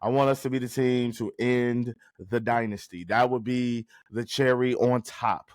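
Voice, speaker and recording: A man on a casual sports podcast who hammers his points home by saying them again and again. His pitch sits in the middle, and the sound is close and dry with no room echo. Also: fairly even intonation, a little slow. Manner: emphatic, repeats himself for effect. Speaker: podcast co-host.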